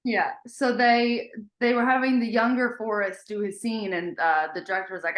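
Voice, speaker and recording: A woman guest in a casual podcast chat, telling a story with many small pauses and fillers. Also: fairly high pitch, steady tone, a bit bright, roomy sound.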